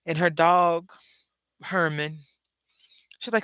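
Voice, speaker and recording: A woman's voice: fairly low pitch, fairly even intonation, takes it slowly, fairly bright tone, no echo. A woman casually chatting to viewers while crafting, rambling and correcting herself as she goes. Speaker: craft livestream host. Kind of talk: casual craft livestream chat.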